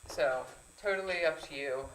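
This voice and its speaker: A woman's voice: low-pitched, moderate pace, slight background noise. A woman talking casually at a city council work session, making jokes along the way. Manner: casual, joking. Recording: echoey meeting room.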